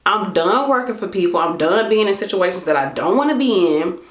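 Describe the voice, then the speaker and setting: A woman's voice: mid-range voice, lively intonation, a little fast, reverberant. A woman in her late twenties talking casually to camera, chatty and slangy, acting out her own thoughts. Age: late 20s. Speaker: vlogger.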